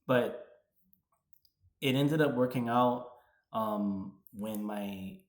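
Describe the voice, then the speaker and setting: A man's voice: medium pitch, extremely slow. A man in his thirties, from the New York area, telling a personal story in a chatty vlog, full of "like" and retold dialogue. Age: 30s. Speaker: vlogger. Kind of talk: casual storytelling. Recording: roomy echo.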